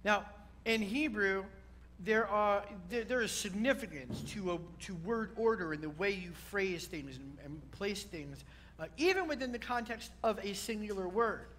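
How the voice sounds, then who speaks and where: A man's voice: sits high, expressive, normal speed, fairly bright tone. A man, a rabbi, preaching a sermon to a congregation, repeating key words and building to emphatic peaks.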